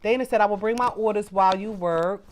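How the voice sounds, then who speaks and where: A middle-aged woman, hosting a casual livestream from home. Her voice rises and falls a lot as she thanks viewers by name. She reads their comments out loud, talking straight to the people watching. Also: mid-range voice, quick pace, a little hiss or hum. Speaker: livestream host.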